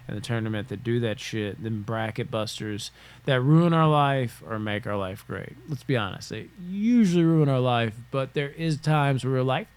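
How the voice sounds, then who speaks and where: A man's voice: medium pitch, darkish tone. Rambling, profane male podcast host. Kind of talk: casual solo podcast monologue. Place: home room.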